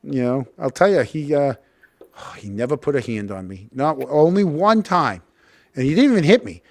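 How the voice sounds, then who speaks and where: A man's voice: on the high side, sing-song, normal speed, a little mellow. Laughing, rambling male podcast host. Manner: rambling storyteller, laughs often. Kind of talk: casual chat.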